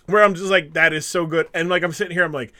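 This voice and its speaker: High bright guy on a podcast, super animated, keeps doing little voices for everyone. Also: quick pace. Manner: animated storyteller acting out quotes. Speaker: podcast co-host. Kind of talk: casual wrestling chat.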